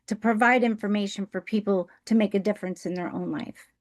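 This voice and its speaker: A woman's voice: mid-range voice, fairly even intonation, brisk. A woman on a team video call, speaking earnestly and thoughtfully. She thinks aloud, leaning on ums and "right?" as she shares a personal lesson. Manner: earnest, thoughtful, uses many fillers and "right?". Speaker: team member on a training call. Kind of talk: sharing a personal reflection on a group call.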